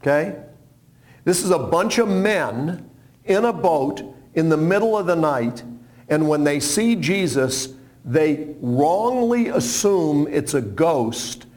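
A man preaching a sermon, animated and humorous, acting out quotes as he tells stories. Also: on the high side, takes it slowly.

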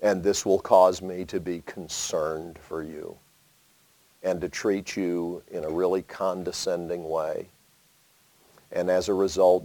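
A man preaching a sermon, asking rhetorical questions and swinging between loud emphasis and hushed asides. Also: deep voice, no echo.

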